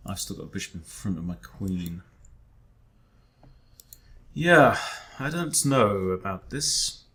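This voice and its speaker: A man's voice: deep voice, big pitch swings, takes it slowly, fairly bright tone. A man, a chess coach, thinking aloud during an online game in a wry, self-deprecating way, often muttering to himself.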